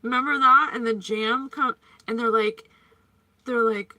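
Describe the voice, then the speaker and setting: A woman's voice: a little high, moderate pace, bright, forceful tone, no echo. A woman giving a chatty psychic reading, playful and prone to tangents. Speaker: psychic reader. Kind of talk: casual psychic reading monologue.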